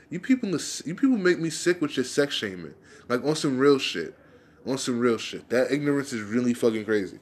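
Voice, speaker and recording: A man's voice: mid-range voice, expressive, a little fast. Swearing, heated man ranting. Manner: profane, heated, rambling with restarts. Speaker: vlogger. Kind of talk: casual monologue rant.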